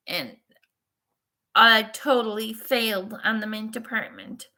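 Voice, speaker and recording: A woman's voice: medium pitch, bright, forceful tone. A woman vlogging in casual, rambling chat, swearing freely and laughing often.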